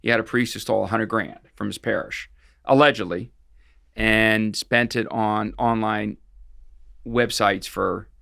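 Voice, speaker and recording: A man's voice: on the low side, fairly even intonation, measured pace, gravelly, bright, forceful tone, no room sound, studio quality. A middle-aged man, a guest expert on financial fraud, recounting cases in a casual interview, rambling along with frequent restarts and fillers.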